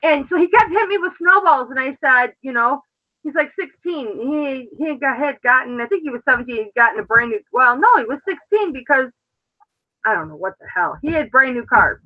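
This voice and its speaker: A woman's voice: high voice, animated, a little fast. A woman hosting a live show, telling stories in a brash, profane, casual way. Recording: dull lo-fi sound.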